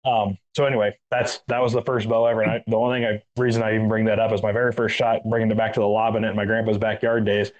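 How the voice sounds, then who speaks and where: A man's voice: fairly low pitch, little pitch movement, very fast, hardly any pauses, rough recording. A man with a Texan accent telling a rambling story in casual chat, peppering it with dude and man. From Central Texas. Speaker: guest, retired Army master sergeant.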